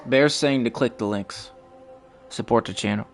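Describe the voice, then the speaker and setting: A man's voice: medium pitch, moderate pace, faint music behind. A man streaming a game live, cursing and trash-talking opponents and chatting casually with viewers. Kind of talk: live gaming stream commentary.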